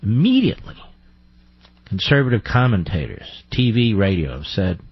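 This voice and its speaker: Combative talk radio host, husky. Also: male voice, fairly low pitch, very animated, normal speed, no echo, highs cut off. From United States. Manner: combative, sarcastic, rhetorical questions.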